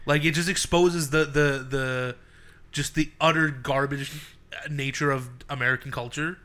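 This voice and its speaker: A man's voice: medium pitch, fairly even intonation, moderate pace, sharp tone. A young man in casual, profane podcast chat, rambling and laughing often.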